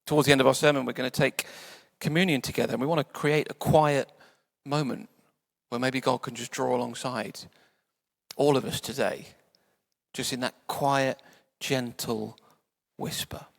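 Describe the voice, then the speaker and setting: A man preaching a sermon in a church, conversational and playful, sometimes dropping to soft quiet tones. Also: medium pitch, steady tone, a little fast, creaky. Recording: church hall reverb.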